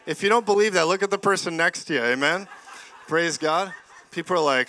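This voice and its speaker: A middle-aged man preaching a lively charismatic sermon, animated and often laughing, rising to loud exclamations. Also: a little high, unhurried, long pauses.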